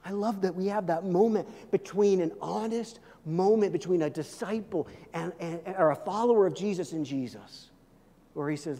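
A man with a high, light voice delivers a sermon in a big hall, and his words ring out with a long echo. He swings between loud, emphatic calls and hushed, intense stretches, often repeating words as he presses a point. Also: moderate pace. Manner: repeats words and restarts when stressing a point. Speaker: pastor.

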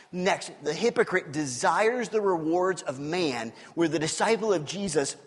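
A man with a fairly high voice preaches a sermon. He is open and conversational and keeps asking his listeners questions. His words ring with a long reverb from a church sanctuary. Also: fairly bright tone, slightly rough. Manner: candid and conversational, with rhetorical questions. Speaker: pastor.

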